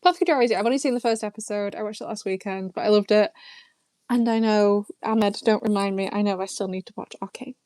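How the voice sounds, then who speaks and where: A young Englishwoman from Lancashire hosts a YouTube live chat, answering viewer questions in a casual, rambling way and laughing often. Her mid-range voice moves at a quick pace with a slightly mellow quality, and there's no room sound.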